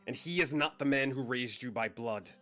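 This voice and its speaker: Casting: man as a guilt-torn mother, halting and raw, soft guitar under it. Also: mid-range voice, close to an everyday voice. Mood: grave. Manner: halting, breaks into pleading outbursts. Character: guilt-ridden middle-aged mother, anguished.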